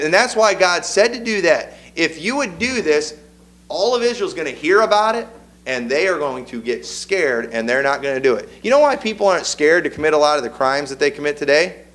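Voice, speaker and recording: A man's voice: mid-range voice, fairly bright tone, rough recording. A middle-aged man, preaching a sermon in a folksy, conversational way and reading scripture aloud. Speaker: pastor.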